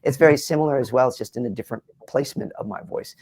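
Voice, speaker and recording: A middle-aged man, a voice actor in an interview, talking in a lively way and dropping into quick character voices. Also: mid-range voice, husky, no echo. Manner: lively, slips into character voices mid-sentence. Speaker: voice actor guest. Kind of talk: animated interview talk with quick voice impressions. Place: Los Angeles, doing press.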